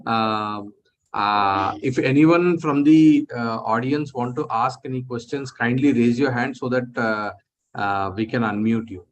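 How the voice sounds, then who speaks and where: Male moderator, halting and filler-heavy, mid-pitched voice. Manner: hesitant, many fillers. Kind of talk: online session moderation.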